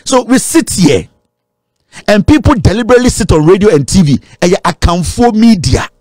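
A man's voice: high voice, expressive, normal speed, a little mellow, dry recording, studio quality. A Ghanaian man giving impassioned political commentary, mixing Twi and English.

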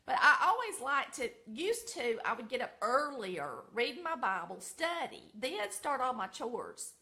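A middle-aged Southern woman with a Southern American accent chats folksily to viewers in a casual vlog from her home kitchen. Her high-pitched voice is very animated and sharp in tone, and she speaks unhurriedly.

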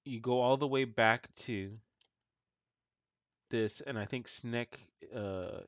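Male game master, slow deliberate narration, dull lo-fi sound. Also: medium pitch, dry recording. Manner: slow, halting narration with fillers. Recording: muffled lo-fi audio.

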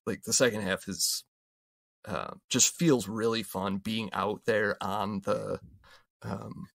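A man co-hosting a podcast, talking casually and haltingly with many fillers. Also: on the low side, fairly even intonation, creaky, a bit bright, dry recording, studio quality. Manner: hesitant, many fillers and restarts. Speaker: podcast co-host.

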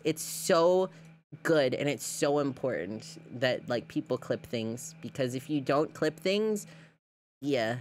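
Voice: mid-range voice, slight background noise. A streamer reacting to clips in casual livestream chat, rambling and giggling with lots of fillers and repeated words.

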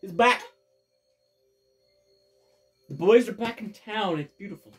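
A let's play host giving excitable game commentary with loud bursts of cheering and frequent swearing. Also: mid-range voice, a little fast. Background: faint game music.

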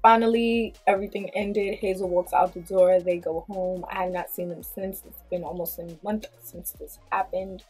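A woman vlogger who tells a story in an animated, blunt way, with plenty of swearing. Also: lowish voice, moderate pace, few pauses, slightly rough, faint music behind. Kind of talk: storytime vlog.

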